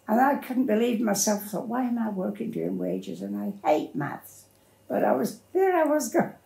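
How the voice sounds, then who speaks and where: A woman's voice: on the high side, sing-song, moderate pace, gravelly, mellow. An older woman, telling her life story in a plain-spoken, rambling way as an interviewee. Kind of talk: personal storytelling. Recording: roomy echo.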